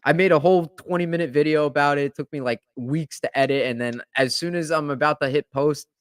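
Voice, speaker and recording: A man hosting a podcast, talking in a rambling, animated way with lots of fillers. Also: fairly high pitch, quick pace, clear, resonant tone, dry recording, clean studio sound. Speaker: podcast host. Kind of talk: casual chat.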